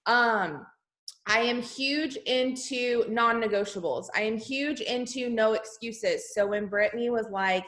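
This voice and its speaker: A woman's voice: fairly high pitch, measured pace. A woman hosting a motivational team call from home on a laptop, talking emphatically and calling her listeners "y'all". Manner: energetic, emphatic, Southern-style "y'all" address. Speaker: host of a team video call. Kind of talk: motivational pep talk. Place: home, indoors. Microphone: laptop video call.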